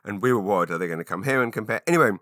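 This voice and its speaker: A man's voice: on the low side, lively intonation, racing, pushed and bright, no room sound, clean studio sound. A British man in his forties from England, hosting a solo podcast in a rambling, self-deprecating way full of fillers and restarts. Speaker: podcast host.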